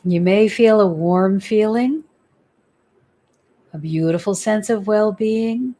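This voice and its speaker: Woman spiritual guide, unhurried and warm-toned, soothing tapping meditation. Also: medium pitch. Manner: slow, soothing, instructive, repeats affirmations. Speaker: spiritual healer leading a guided exercise.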